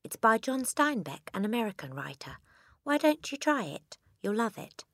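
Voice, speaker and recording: A woman's voice: fairly high pitch, very animated, moderate pace, fairly bright tone, no room sound, studio quality, voice pushed up, heavily acted. A woman voicing a clever, polite little girl who speaks pleasantly and pleads earnestly.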